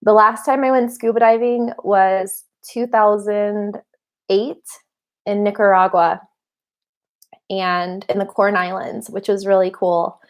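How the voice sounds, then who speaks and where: A woman's voice: mid-range voice, fairly even intonation, slow. A woman in her thirties hosting a casual livestream and answering viewers' questions. She rambles through chatty asides, laughs often and sounds a little tired. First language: English. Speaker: livestream host.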